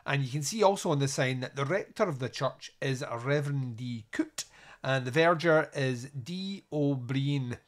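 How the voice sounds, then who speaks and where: A man's voice: medium pitch, normal speed. A man hosting a podcast, giving a casual, crude and jokey solo review of a film.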